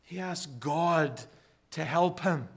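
A man preaching a sermon slowly, building to fervent emphasis. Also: a little high, slightly rough. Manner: slow, rising to fervent emphasis.

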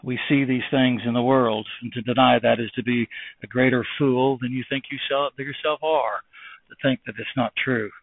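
Preacher on a tinny, dry line. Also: male voice, steady tone, normal speed, dry recording. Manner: impassioned preaching, swinging from loud exhortation to low earnest tones; rhetorical questions and King James scripture phrasing. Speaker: pastor. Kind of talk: sermon. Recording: dry, tinny phone-like sound.

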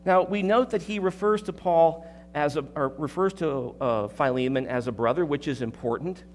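A man's voice: on the high side, normal speed, slight background noise. A male pastor preaching an expository sermon, emphatic, repeating words and asking the congregation rhetorical questions.

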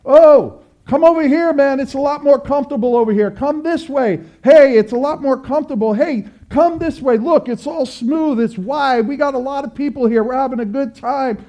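A man's voice: very high voice, moderate pace, hardly any pauses, dark tone, pitched above the performer's own voice. A man voicing a crowd of people on the broad road, beckoning others over in an easygoing, persuasive way. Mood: coaxing. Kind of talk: sermon illustration.

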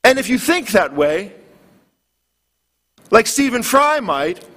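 A man's voice: high-pitched, sing-song, slow pace, a bit bright. A man preaching a sermon, earnest and building in intensity. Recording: long hall reverb.

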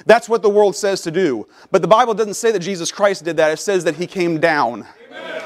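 A middle-aged man preaching a sermon as pastor in a church, moving from low, quiet explanation to loud, rising preaching. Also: normal speed. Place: church sanctuary.

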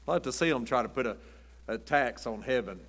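A man's voice: mid-range voice, animated, fairly quick, a bit bright. A man preaching a sermon in a folksy, conversational way with acted asides, recorded in a church sanctuary. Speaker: pastor. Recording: long hall reverb.

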